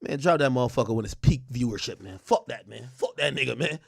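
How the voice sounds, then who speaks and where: A man streaming live, telling stories loudly and animatedly, acting out quotes and laughing often. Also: medium pitch, fast talker, creaky. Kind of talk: livestream commentary.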